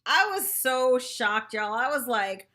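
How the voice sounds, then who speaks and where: A woman casually reviewing a reality TV episode, chatty and excitable, peppering her talk with "like" and "y'all". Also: a little high, takes it slowly. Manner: animated, chatty, says "y'all" and "like" often. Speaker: TV recap vlogger.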